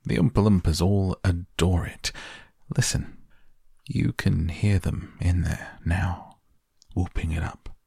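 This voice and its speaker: A man voicing an eccentric, excitable candy-factory owner who talks briskly and impatiently in a storybook reading. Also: deep voice, vocal fry, slightly rough, no room sound, studio quality, exaggerated voice.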